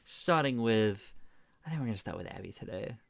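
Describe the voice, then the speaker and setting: A man narrating as game master, soft and hesitant with many fillers, then chatting casually with his players. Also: lowish voice, lively intonation, fairly quick, creaky, no room sound, studio quality.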